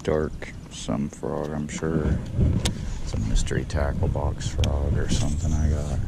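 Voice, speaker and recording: A man narrating his own fishing trip outdoors by a pond, talking casually and exclaiming loudly over his catches. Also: extremely low pitch, level tone, a little slow, vocal fry, very noisy. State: out of breath. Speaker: fishing vlogger.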